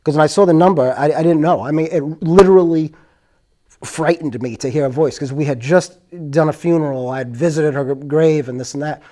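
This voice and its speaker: A man's voice: a little high, brisk, warm tone. A man hosting his own show, telling spooky stories in a rambling, earnest, conversational way. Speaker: host. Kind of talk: casual storytelling.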